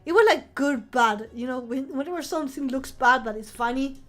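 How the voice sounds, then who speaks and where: Soft-spoken high-voiced woman streamer. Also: moderate pace, soft background music. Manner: soft-spoken, playful, chatty. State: recovering from flu, coughing. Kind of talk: casual live-stream chat.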